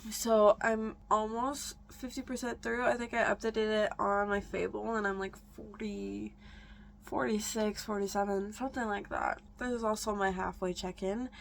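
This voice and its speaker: A woman's voice: mid-range voice, little pitch movement, normal speed, gravelly, a little hiss or hum. A young adult woman chatting casually in a reading vlog, rambling and correcting herself as she goes. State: out of breath. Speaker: book vlogger.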